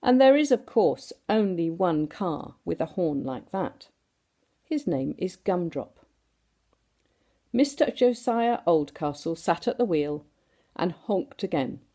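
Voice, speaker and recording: Woman, expressive storybook reader, warm gravelly tone, very lively pitch. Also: takes it slowly. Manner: animated, does sound effects and asks the listeners questions. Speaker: storyteller reading to children. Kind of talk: expressive storybook reading aloud.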